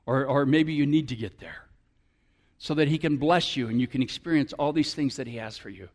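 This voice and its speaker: A male pastor preaching a sermon to his church, often building up to animated, emphatic appeals. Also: medium pitch, fairly quick.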